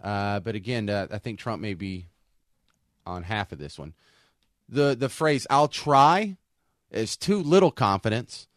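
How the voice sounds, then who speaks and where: A man's voice: fairly low pitch, expressive, measured pace, no echo, clean studio sound. A man co-hosting a casual talk show, rambling and often restarting his sentences. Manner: rambling, self-interrupting with restarts. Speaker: co-host.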